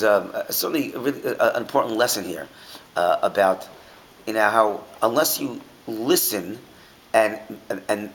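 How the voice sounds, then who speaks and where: A man's voice: on the low side, slight background noise, poor audio. A man teaching an informal Torah class, asking his listeners many rhetorical questions and often restarting his sentences.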